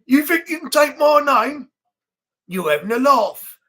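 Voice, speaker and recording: Man putting on a London accent, tough hard man, threatening, swaggering, bright tone. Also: very high-pitched, sing-song, measured pace, voice pushed up, full character voice. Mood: menacing.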